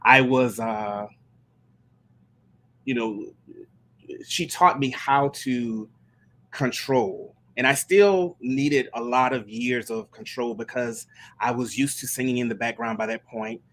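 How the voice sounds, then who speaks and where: A man's voice: medium pitch, slow pace, fairly bright tone. A man who sings gospel and leads worship, chatting casually on a live stream and telling stories in a meandering way with many restarts. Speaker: gospel singer and worship leader.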